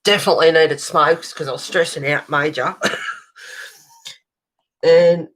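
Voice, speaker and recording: A woman's voice: deep voice, a little slow, fairly bright tone, poor audio. An Australian woman hosting a colouring channel, telling a long rambling story in casual chat as she colours, swearing now and then.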